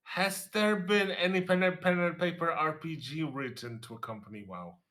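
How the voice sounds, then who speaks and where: A man co-hosting a casual stream chat, with a nasal voice and halting speech full of restarts. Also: bright, forceful tone. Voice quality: nasal, low voice.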